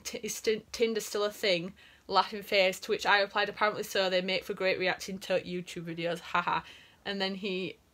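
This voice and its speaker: A woman's voice: medium pitch, a bit bright. A young woman, chatting casually as a vlogger and reading messages aloud with lots of giggles.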